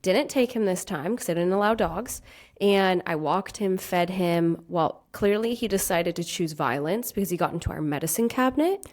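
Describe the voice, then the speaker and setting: A woman in her thirties co-hosts a casual podcast chat, telling stories with animation and acting out what people said. Her voice is lowish and she speaks at a normal speed.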